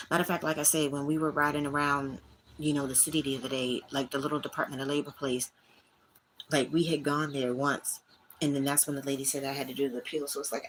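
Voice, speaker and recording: Woman, low voice, casual livestream chat, candid and venting, faint noise behind. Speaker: livestream host. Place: indoors at home, small room.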